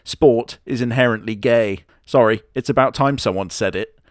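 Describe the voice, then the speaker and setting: A man's voice: medium pitch, normal speed, no room sound, studio quality. A man giving crude, sarcastic comedic commentary on an anime, full of mocking asides. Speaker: anime reviewer.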